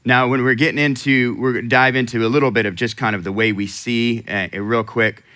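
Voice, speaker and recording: A pastor preaches conversationally, asking the congregation questions and laughing often. His mid-range voice is steady, brisk and bright, with a forceful tone.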